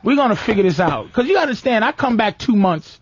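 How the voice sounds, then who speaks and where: Guy with a real high voice, swings up and down, telling profane stories on his podcast, dull muffled audio. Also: fast talker, husky, no room sound. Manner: profane, animated, ranting. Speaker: podcast host. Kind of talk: comedic storytelling rant. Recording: dull lo-fi dry sound.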